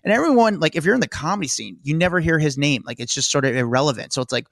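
A man's voice: fairly high pitch, lively intonation, rapid-fire, vocal fry, fairly bright tone, dry recording. Man, co-host, opinionated, casual chat, dry close mic. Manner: opinionated, exasperated.

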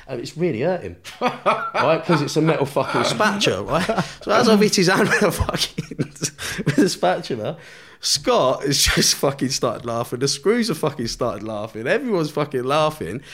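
A man's voice: on the high side, sing-song, moderate pace, vocal fry, a bit bright. Swearing man telling a story. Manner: swears constantly, laughs through his own story. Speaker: podcast guest. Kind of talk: casual storytelling.

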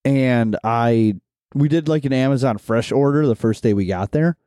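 A man's voice: mid-range voice, moderate pace, warm tone, no echo, studio quality. A man co-hosting a podcast, telling a story in a casual, rambling way full of fillers. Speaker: podcast co-host.

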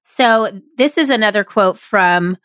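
A podcast host who also leads improv workshops gives a solo, upbeat, emphatic motivational talk into a studio podcast microphone inside a small closet. Her medium-pitched voice is smooth and fairly bright, unhurried, with no room sound.

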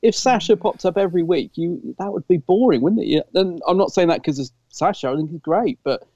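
A man with a gravelly, fairly high voice that has a mellow, dark tone. He chats as a podcast co-host, enthusiastic and rambling, full of restarts. The sound is dry and a little dull. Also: fairly quick, no room sound. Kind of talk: casual fan chat.

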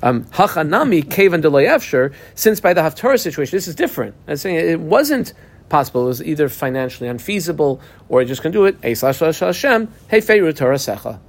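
A man teaching a Talmud class in a halting way, restarting his sentences and telling students which words to underline and mark. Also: fairly high pitch, big pitch swings, creaky.

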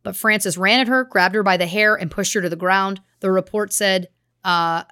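A woman co-hosts a true crime podcast, walking through court records and reports with steady, grave emphasis. Her voice sits at a middle pitch. The recording is dry and close, with no room sound. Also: moderate pace, no echo. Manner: earnest, reading case details with grave emphasis. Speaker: podcast co-host.

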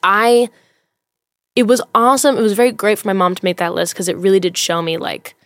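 A woman's voice: medium pitch, fairly even intonation, brisk, dry recording. A woman who is a comedian, chatting as a podcast guest in a candid, rambling way with lots of fillers. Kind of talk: casual chat.

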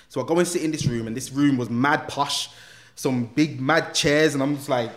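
A man telling an animated personal story as a podcast guest, full of slang. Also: medium pitch, a little fast. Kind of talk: casual storytelling.

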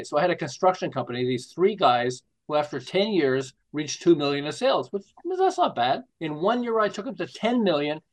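A man in his sixties from Montreal, an author answering interview questions with lively stories and acted-out voices. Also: a little high, brisk, hardly any pauses. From Canada, Montreal. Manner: animated storyteller acting out quoted voices. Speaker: guest author.

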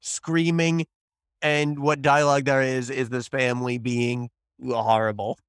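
A man from the northern United States co-hosting a casual movie review podcast, blunt and animated, swearing casually. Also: mid-range voice, a little slow, smooth, no echo, studio quality. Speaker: podcast co-host.

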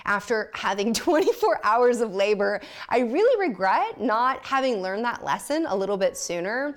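A woman's voice: fairly high pitch, moderate pace, few pauses, soft background music. Blunt, laughing woman telling her story. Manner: lively, blunt, self-mocking, laughs often. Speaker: podcast guest. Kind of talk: candid personal storytelling.

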